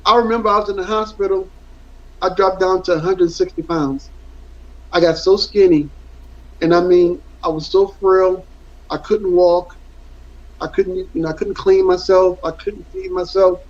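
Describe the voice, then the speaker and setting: Guy in an interview, earnest and rambly, keeps repeating himself, highish voice, kinda muffled audio. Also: steady tone, moderate pace. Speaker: interview guest, former football player. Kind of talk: candid interview storytelling. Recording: dull lo-fi audio.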